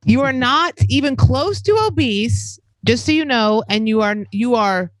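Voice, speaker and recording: A woman's voice: on the high side, animated, measured pace, dry recording. A woman hosting a casual chat, reassuring and a little hesitant.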